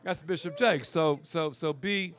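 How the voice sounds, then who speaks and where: A man with a high voice gives a lively, comic conference talk about preaching. He laughs between phrases, stacks up repeated words, and keeps an easy, animated rhythm. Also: a little slow. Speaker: guest preacher.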